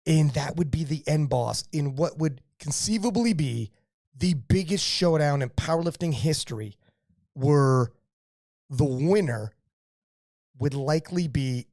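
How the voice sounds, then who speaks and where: A man hosting a live podcast interview, talking in excited, rambling bursts of hype and repeating words as he builds up his point. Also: on the high side, dry recording, studio quality. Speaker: podcast host.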